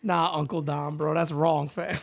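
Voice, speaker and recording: A man hosting a casual live fan chat stream, bantering loudly with viewers and swearing as he laughs. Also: a little high, fairly even intonation, a little slow, gravelly.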